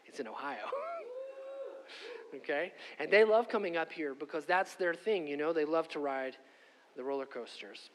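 A man's voice: on the high side, normal speed, long pauses, a little hiss or hum. Man preaching in an echoing hall. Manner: conversational, animated, says "okay?" and "like" often. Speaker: pastor. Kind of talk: sermon with personal story. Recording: long hall reverb.

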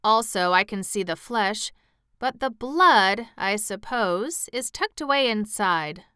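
A woman's voice: medium pitch, animated, slow, bright, forceful tone, clean tone, dry recording, clean studio sound. A woman voicing an earnest, mildly proud male sawhorse made of wood.

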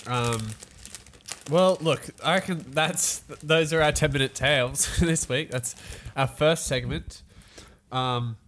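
A man's voice: on the high side, slow pace, a bit bright, slight background noise. A young man co-hosting a casual podcast, chatty and laughing, often trailing off mid-sentence. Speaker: podcast co-host.

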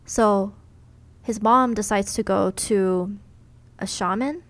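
A woman's voice: mid-range voice, slow pace, a bit bright, dry recording. A young adult woman, a podcast co-host, casually retelling a ghost story in a chatty way, full of "like" and "you know.".

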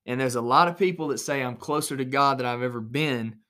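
A man's voice: mid-range voice, moderate pace, hardly any pauses, pushed and bright. A man preaching an earnest recorded sermon alone in his small office, repeating phrases for emphasis.

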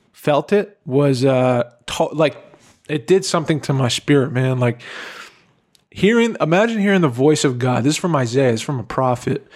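A young man co-hosting a podcast, talking casually and earnestly with lots of "like" and "bro". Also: mid-range voice. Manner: earnest, heartfelt, full of "like" and "bro". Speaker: podcast co-host. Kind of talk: casual chat.

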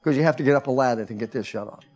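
A man preaching a sermon as pastor of a church, rising to shouts. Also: mid-range voice, rapid-fire. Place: church sanctuary.

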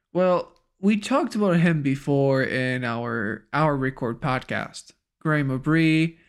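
A man's voice: mid-range voice, clear, resonant tone. A young French man with a French accent hosting a podcast in an upbeat, casual way, laughing easily. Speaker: podcast host.

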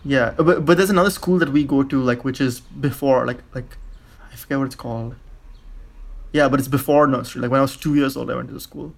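A young man from India, a podcast guest, talking in a relaxed, halting way with many likes and restarts. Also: mid-range voice, creaky. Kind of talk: casual conversation.

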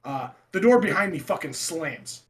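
A young man casually telling a ghost story with friends, swearing, laughing and loudly acting out quotes. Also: fairly high pitch, expressive, moderate pace. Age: young adult. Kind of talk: casual chat.

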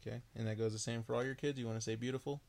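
A man hosting a podcast, interviewing his mother in casual chat, with many halting restarts. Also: mid-range voice, steady tone, vocal fry, a little mellow. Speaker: podcast host.

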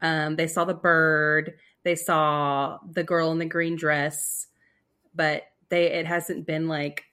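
A woman's voice: deep voice, little pitch movement, slow, pushed and bright. A woman casually telling a spooky story on a podcast, rambling with fillers and restarts. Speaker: storyteller co-host.

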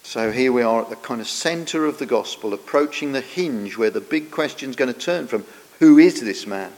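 A man preaching a sermon, earnest and explanatory, often trailing off softer at the ends of phrases. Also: medium pitch, animated, normal speed. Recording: long church reverb.

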